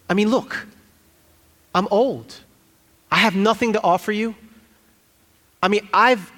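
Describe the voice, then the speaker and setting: A weary old widow , put on by a male preacher, pleads in a high-set voice, stumbling and starting over. The words ring out with a long church-hall echo behind them. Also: fairly bright tone. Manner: pleading, halting restarts.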